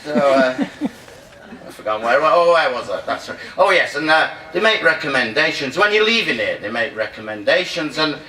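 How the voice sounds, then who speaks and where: A man's voice: a little high, sing-song, normal speed. A man doing a live stand-up comedy monologue at a reunion, rambling, losing his place and bantering with the crowd. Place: hall at a treatment centre reunion, live audience. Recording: echoey room, distant mic, loud crowd ambience.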